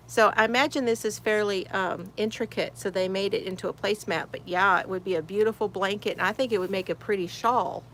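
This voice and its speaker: A woman hosting a casual crochet livestream from her she shed, greeting viewers by name, reading chat comments aloud and laughing often. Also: medium pitch. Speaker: crochet channel host.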